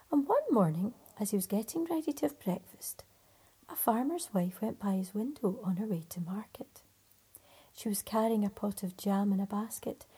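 Slow, breathy woman telling a fairy tale, lively pitch, whispery. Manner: soft, whispery, expressive. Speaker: storyteller.

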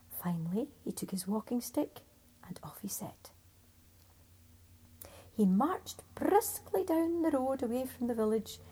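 Slow, breathy woman telling a fairy tale, lively pitch, whispery. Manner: soft, whispery, expressive. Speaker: storyteller.

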